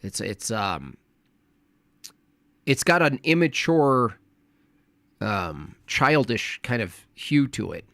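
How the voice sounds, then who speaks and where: A man talking on a live stream, tearing into a video he is watching with mocking asides and frequent laughs. His voice sits at an ordinary pitch and sounds close and dry, with no room around it. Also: slow, long pauses, no echo. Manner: mocking, animated, laughs often. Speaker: streamer reacting to a debate. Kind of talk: casual commentary.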